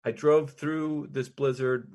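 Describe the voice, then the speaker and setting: A male comedian guest casually telling a story, animated and laughing through his lines. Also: mid-range voice, slow pace.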